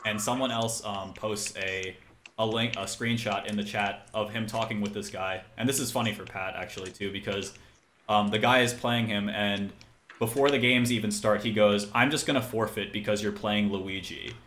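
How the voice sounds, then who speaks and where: A man's voice: lowish voice, fairly even intonation, moderate pace, a bit bright. A man casually telling a story, rambling with constant fillers and quoting people in an exasperated tone. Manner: quotes other people's lines in an exasperated tone. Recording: roomy echo, faint background noise.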